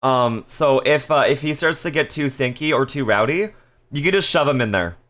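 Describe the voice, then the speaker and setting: A man's voice: mid-range voice, lively intonation, moderate pace, fairly bright tone. A man casually chatting on a live stream, reading viewer messages aloud with playful jokes and frequent laughter. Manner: laughs often.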